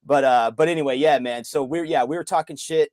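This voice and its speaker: A man talking in an excited, casual way as a sports fan co-host, loud and hyped, swearing and swinging his voice up and down. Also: on the high side, a little fast, no room sound.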